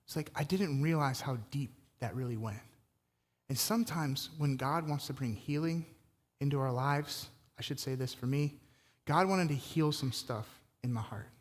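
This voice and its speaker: A man preaching in a relaxed, talky way, his voice sitting a little high. The sound trails off in a long church reverb. He talks straight to the people in the room. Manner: energetic, conversational preaching with fillers. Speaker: pastor. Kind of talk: sermon.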